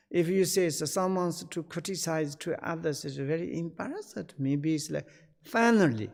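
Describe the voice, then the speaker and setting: A man with a slightly raised speaking voice teaches the dharma in an online session. His English comes in halting pieces, padded with fillers, and he acts out short snatches of everyday conversation. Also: high-pitched. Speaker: Buddhist teacher.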